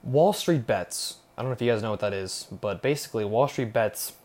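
A man's voice: mid-range voice, fairly quick, darkish tone. Rambling, profane young man. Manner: rambling, profane, repeats "okay?". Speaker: podcast host. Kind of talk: casual solo podcast rant.

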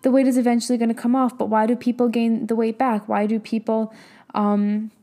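A young woman working as a business and mindset coach delivers a motivational talk in a slightly high voice that stays mellow and warm. Her delivery is brisk, with little pitch movement, casual and emphatic, piling up rhetorical questions and now and then letting a swear word slip.

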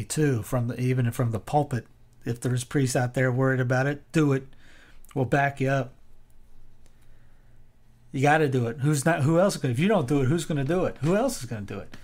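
A man talking off the cuff in a loose monologue. He is sarcastic and rambling, often breaking off mid-phrase. His voice sits at an ordinary middle pitch, and he pushes louder and higher when he urges his listeners on. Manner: rambling and sarcastic, with restarts and laughs; rises into loud exhortation. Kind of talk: casual opinion monologue.

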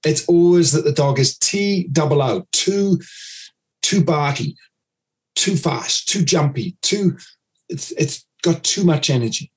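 A man's voice: fairly high pitch, animated, measured pace. A man, a dog trainer, explaining his method in an interview, acting out owners' commands.

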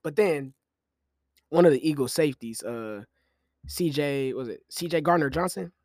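A young man hosting a podcast, talking sports in loose, slangy, animated commentary with frequent laughs. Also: on the high side, moderate pace, dry recording, clean studio sound. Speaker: podcast host. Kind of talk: casual commentary.

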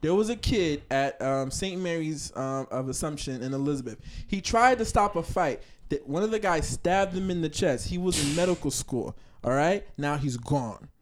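Emphatic, slangy high-voiced man. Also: expressive, moderate pace, few pauses, slight background noise. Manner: emphatic, teasing, street slang. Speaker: podcast co-host. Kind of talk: casual debate chat.

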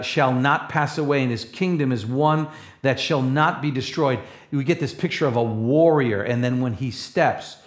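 A man preaching a sermon, rising to loud, passionate peaks and then dropping to soft, low asides. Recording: echoey room.

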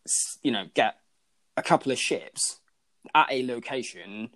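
A man's voice: mid-range voice, lively intonation, a little slow, fairly bright tone. A man co-hosting a podcast in casual chat. He talks in a loose, conversational way, full of "you know" and restarts. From Britain. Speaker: podcast co-host.

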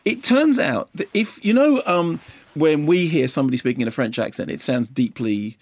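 A man co-hosting a film review radio show, telling a story in animated casual chat with bursts of excitement. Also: fairly high pitch, normal speed, dry recording. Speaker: film critic co-host.

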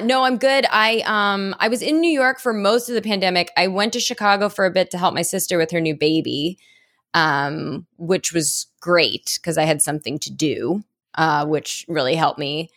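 A woman's voice: mid-range voice, a bit bright. A woman guest on a comedy podcast, talking candidly and self-deprecatingly, often laughing. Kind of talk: casual comedic chat.

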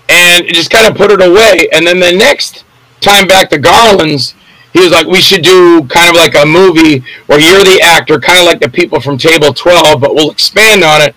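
A man's voice: a little high, pushed and bright, no room sound, low-quality recording. An older man, an actor, telling rambling anecdotes in a casual interview and acting out the voices of people in his stories.

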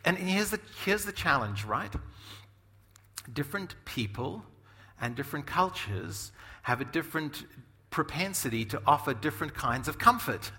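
A middle-aged man preaching a sermon in a conversational, animated way, often asking "right?". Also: on the high side, in a large hall. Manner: animated, conversational, many asides and tag questions. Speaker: pastor.

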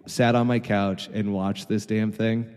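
A man's voice: fairly low pitch, little pitch movement, a little slow, darkish tone, smooth, big-room sound. A man co-hosting a casual podcast, recounting events in a wry, sarcastic way. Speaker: podcast co-host. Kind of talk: casual chat.

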